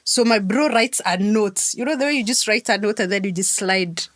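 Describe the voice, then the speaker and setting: A woman co-hosting a podcast, chatting casually and telling lively stories, acting out what people said. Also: moderate pace, dry recording, studio quality. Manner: animated storyteller, acts out quotes with big pitch jumps and laughs. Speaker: podcast co-host. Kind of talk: casual chat.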